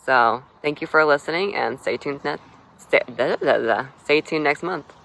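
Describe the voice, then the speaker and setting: A man's voice: fairly high pitch, moderate pace, vocal fry, bright, forceful tone, low-quality recording. A man talking casually in a video diary, rambling with lots of fillers and restarts. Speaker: vlogger.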